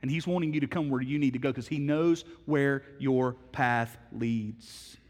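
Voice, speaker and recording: A middle-aged man preaching a sermon as pastor, telling a story with swings from hushed words to loud, emphatic ones. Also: mid-range voice, a little slow, big-room sound.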